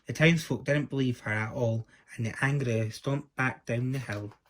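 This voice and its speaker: A man reading a children's story aloud in a lively, expressive manner, with small stumbles. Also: mid-range voice, moderate pace, a little hiss or hum.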